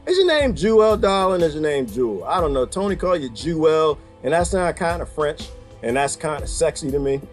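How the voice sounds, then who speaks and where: A man's voice: on the high side, brisk, faint music behind. A man talking casually to his viewers in a rambling, joking monologue, laughing often and breaking into asides. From United States. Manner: addresses viewers as "people" and "y'all". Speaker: vlogger.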